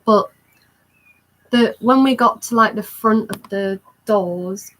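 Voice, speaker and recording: A young woman telling an excited storytime vlog in a rambling, chatty way. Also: medium pitch, slow pace, poor audio. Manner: excited, rambling recounting with many fillers. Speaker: vlogger.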